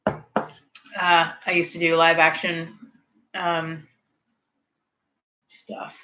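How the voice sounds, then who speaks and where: A woman's voice: low-pitched, very slow, dull audio. Tipsy, rambling woman chatting with viewers. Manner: rambling, tangent-prone, animated. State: slightly tipsy. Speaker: streamer hosting a snack review. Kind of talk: casual chat with viewers.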